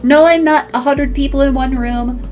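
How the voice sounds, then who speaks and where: A woman's voice: high voice, steady tone, moderate pace, a little mellow, soft background music. A woman streaming in casual chat, playful and crude, with a very flexible voice she switches around.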